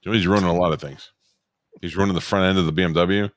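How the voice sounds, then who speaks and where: A man's voice: low voice, fairly even intonation, fast talker. A man co-hosting a podcast in casual chat, with dry, teasing banter. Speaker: podcast co-host.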